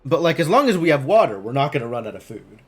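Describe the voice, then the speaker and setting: A man's voice: on the high side, big pitch swings, fast, husky, faint music behind. A man streaming a game live, thinking aloud in casual, rambling commentary full of "like" and puzzled questions to himself.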